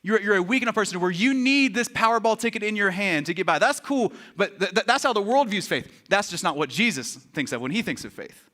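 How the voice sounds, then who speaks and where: High bright-voiced pastor guy preaching, joking around, acting stuff out. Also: fairly quick, hardly any pauses. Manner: animated, joking, acts out quotes. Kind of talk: sermon. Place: church.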